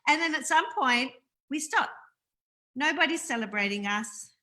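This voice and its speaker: Brief: Australian woman host, effusive and earnest, fairly high, bright voice. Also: animated, moderate pace, slight background noise, rough recording. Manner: earnest, effusive, many fillers. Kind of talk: spiritual interview chat.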